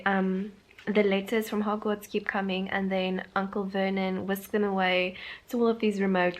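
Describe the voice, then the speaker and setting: A woman chatting casually in a reading vlog, with giggly, animated asides. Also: medium pitch, low-quality recording. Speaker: book vlogger.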